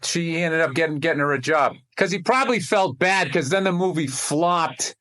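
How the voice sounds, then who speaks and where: A man in casual chat on a call, rambling and reflective with halting restarts. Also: a little high, noisy background. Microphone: remote call.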